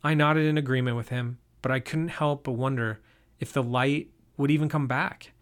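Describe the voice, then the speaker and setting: A man reads a first-person story aloud at an even, steady pace. His voice sits in a middle register and stays plain throughout. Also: medium pitch, moderate pace.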